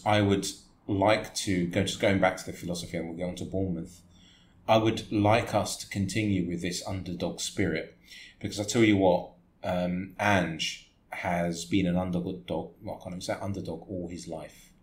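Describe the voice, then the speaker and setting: A man co-hosting a casual football podcast, animated and laughing often as he jokes. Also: sits low. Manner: animated, laughs a lot while joking. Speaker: podcast co-host. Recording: echoey room with faint noise.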